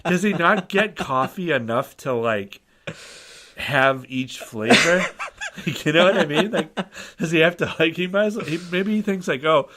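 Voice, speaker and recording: A man's voice: a little high, a little slow, bright, forceful tone. A man in his forties co-hosting a podcast, chiming in with laughs and swearing in casual chat. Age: 40s. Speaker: podcast co-host.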